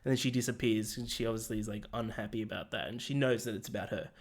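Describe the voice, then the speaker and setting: A man co-hosting a podcast, retelling scenes in a lively, casual way and acting out characters' lines, swearing freely. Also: on the low side, fast. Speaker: podcast co-host. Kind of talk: casual chat. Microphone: remote call.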